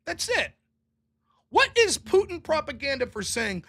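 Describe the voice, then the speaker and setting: A man's voice: extremely high pitch, very animated, unhurried, pauses often, sharp tone. Sarcastic, profane man ranting animatedly. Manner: mocking mimicry of opponents. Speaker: political commentary host. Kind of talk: solo political rant.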